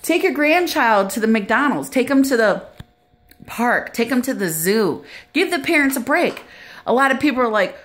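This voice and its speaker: Middle-aged grandmother vlogging; preachy and earnest, with a fairly high, animated voice. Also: normal speed. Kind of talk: casual advice vlog.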